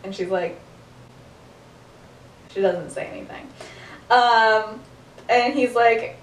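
A woman's voice: on the high side, slow, long pauses. A woman casually retelling a story with lots of fillers and laughs. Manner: rambling, many "like" fillers, frequent laughter. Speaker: podcast co-host retelling a story. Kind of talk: casual chat. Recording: echoey room, distant mic.

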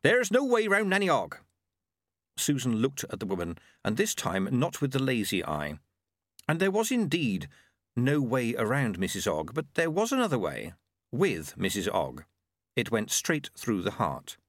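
Expressive male audiobook narrator. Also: on the low side, moderate pace, dry recording, studio quality. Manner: expressive storytelling. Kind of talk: scripted narration.

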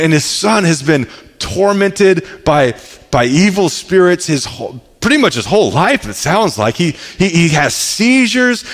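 Animated male pastor in an echoey hall. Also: fairly high pitch. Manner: conversational, animated, often repeats words as he restarts. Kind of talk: sermon.

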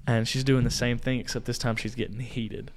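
A young man, a podcast co-host, casually telling a story in a small home studio, animated, acting out voices and laughing. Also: medium pitch, a little fast. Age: young adult.

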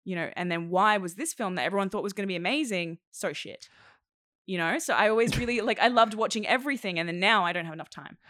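A woman's voice: mid-range voice, fast talker, a bit bright, dry recording, clean studio sound. A woman chatting casually about films, rambling with lots of fillers. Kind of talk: casual chat.

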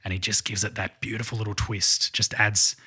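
A man's voice: lowish voice, level tone, fairly quick, pushed and bright, breathy edge. A man co-hosting a film podcast in casual chat, earnest and hesitant. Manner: earnest, hesitant, lots of fillers. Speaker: podcast co-host.

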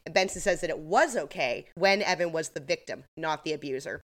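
Woman, podcast co-host, lowish voice, casual recap, rambling and chatty. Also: fairly quick, hardly any pauses. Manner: chatty, filler-heavy retelling with laughs.

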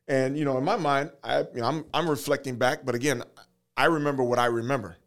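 A man in his forties telling a personal story earnestly, in halting phrases, holding back tears. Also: mid-range voice, steady tone, fairly bright tone. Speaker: guest, fatherhood program worker.

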